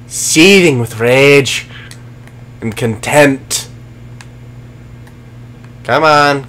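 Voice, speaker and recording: A man livestreams a video game, profanely and sarcastically taunting enemies and chatting with viewers. His mid-range voice swings widely in pitch, moving slowly with frequent pauses and a slightly bright tone.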